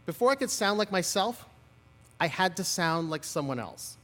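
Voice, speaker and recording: A man in his forties speaks at a podium at an outdoor graduation ceremony, his voice pitched high and swinging widely as he spins funny, self-deprecating stories. The PA throws a long reverb tail across the lawn behind each phrase. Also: moderate pace. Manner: animated, humorous, self-deprecating storytelling. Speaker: commencement speaker. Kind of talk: graduation speech.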